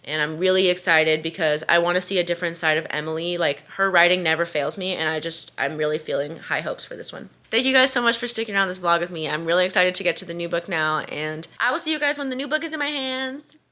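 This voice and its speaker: Bubbly young woman with a bright voice. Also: fairly low pitch, fast talker, few pauses. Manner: bubbly, gushing, says "like" and "y'all" often. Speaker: book vlogger. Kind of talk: casual reading vlog chat.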